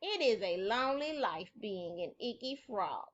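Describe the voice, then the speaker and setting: A woman voicing a timid, lonely little male frog with a scratchy, soft, slow voice. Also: medium pitch, big pitch swings, highs cut off.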